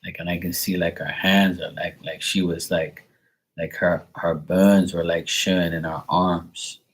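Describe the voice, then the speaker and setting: Low husky man giving a rambling reading. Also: flat delivery, unhurried, rough recording. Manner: rambling, filler-heavy, casual swearing. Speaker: psychic reader. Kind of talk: live psychic reading.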